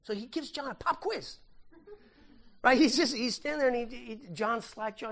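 A man preaching with a fairly high voice. He reads scripture aloud and moves between loud, emphatic lines and quiet, hushed asides. His talk is conversational, with repeated words and self-corrections. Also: very animated, normal speed. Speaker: pastor. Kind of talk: sermon.

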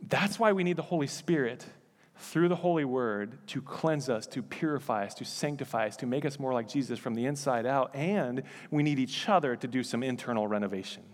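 A man's voice: medium pitch, brisk, big-room sound. A male pastor preaching a sermon in a church, conversational with joking asides. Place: church sanctuary.

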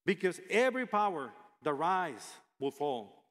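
A man's voice: a little high, sing-song, fairly bright tone. Man preaching in a reverberant hall. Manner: measured, emphatic, reads passages aloud. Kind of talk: sermon with scripture reading.

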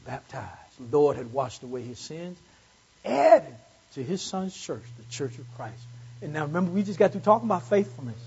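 A man's voice: fairly high pitch, very animated, normal speed, vocal fry, warm tone, slightly rough, dull audio. A man preaching a Sunday morning sermon, repeating phrases for emphasis and swelling into fervent peaks. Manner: call-and-response preaching, rising to fervent peaks. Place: church service.

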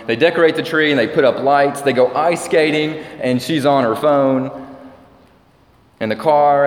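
A man preaching a sermon as pastor, measured and slowing down when he quotes scripture. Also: mid-range voice. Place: church sanctuary. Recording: echoey church hall.

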